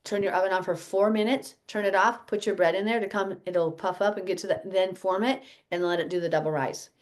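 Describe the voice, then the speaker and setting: A woman's voice: medium pitch, steady tone, fairly quick. A woman leading a casual health teaching chat for her fellowship group, rambling and correcting herself as she goes. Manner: rambling, self-correcting, chatty.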